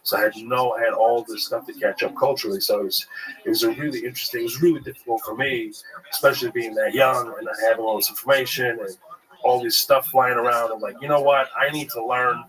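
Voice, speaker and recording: A man in casual interview talk, telling his life story as a stand-up comedian, animated and profane, originally from Kuwait. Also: fast talker, rough recording. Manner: animated storyteller, jumps high when acting out his younger self. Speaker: guest comedian.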